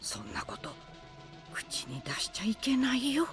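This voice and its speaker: Een onheilspellende oude oma, laag en fluisterend, met wisselende toonhoogte boven duidelijke muziek. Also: female voice, huge pitch swings, brisk. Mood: grave. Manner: low, creepy whispering chant. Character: grave, eerie old grandmother. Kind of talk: Japanese visual novel voice acting. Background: game music.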